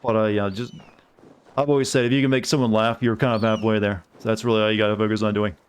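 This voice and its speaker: A man's voice: lowish voice, flat delivery, fast, clear, resonant tone. A man from the American South with a mild Southern accent, chatting casually and rambling while streaming a game. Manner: rambling, self-deprecating. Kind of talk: casual gaming stream chat.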